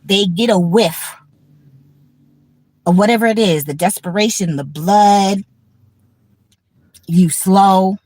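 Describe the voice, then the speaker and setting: Speaking slowly with frequent pauses, this fifties-aged livestream host has a mid-range, darkish voice captured in a dry recording. She's weary and blunt, chatting casually while cursing and going over the same points again.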